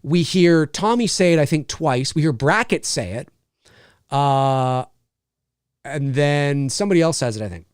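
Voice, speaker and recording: A man's voice: fairly high pitch, animated, a little slow, clean tone, no room sound, clean studio sound. A man giving an unscripted spoken film review, thinking aloud and often restarting his sentences as he works out his opinion.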